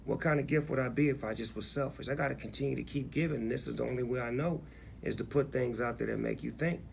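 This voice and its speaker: A man in his forties speaking in a relaxed, reflective way during a candid interview. His voice has a gravelly, creaky edge at an ordinary middle pitch. A faint hiss sits under the recording. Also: fast. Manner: laid-back, reflective, keeps saying "you know what I'm saying". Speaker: interviewed rapper.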